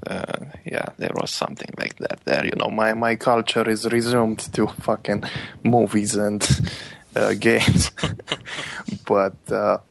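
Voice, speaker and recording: A man in casual conversation, giving soft, hesitant replies. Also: fairly low pitch, level tone, slow, vocal fry, no echo, poor audio. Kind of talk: casual chat.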